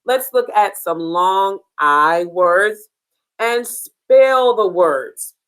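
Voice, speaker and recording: A woman teaching a beginners' phonics lesson, slow and deliberate, drilling sounds and spelling words letter by letter. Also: mid-range voice, expressive, fairly bright tone, clean tone, low-quality recording.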